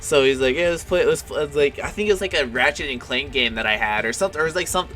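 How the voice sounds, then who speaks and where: A man's voice: medium pitch, animated, very fast, sharp tone. A young man chatting hesitantly and swearing as a podcast co-host. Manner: hesitant, swearing, many fillers. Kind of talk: casual chat. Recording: music behind the talk.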